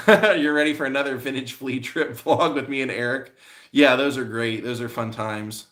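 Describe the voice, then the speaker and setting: A man's voice: medium pitch, steady tone, normal speed, fairly bright tone. A man hosting a casual live stream, rambling along with lots of fillers as he answers viewers' comments.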